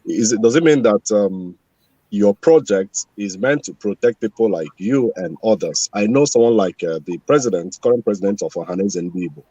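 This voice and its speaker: A man asking a question on a TV talk show, halting and full of fillers. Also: fairly low pitch, animated, mellow, slightly rough, dry recording, lo-fi sound. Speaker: caller or panelist asking a question.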